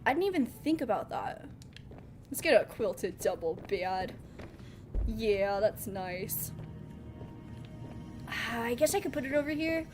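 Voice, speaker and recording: A giggly, playful woman streams a game, chatting along with a fairly high voice. Light music plays faintly behind her desk mic. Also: sing-song, unhurried, pauses often. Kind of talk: casual gaming commentary.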